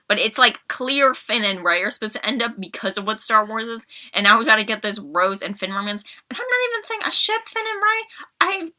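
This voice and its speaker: Bright, exasperated young woman ranting. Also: a little high. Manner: exasperated, sarcastic, animated. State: slightly sick. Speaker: podcast host. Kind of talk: casual film review rant.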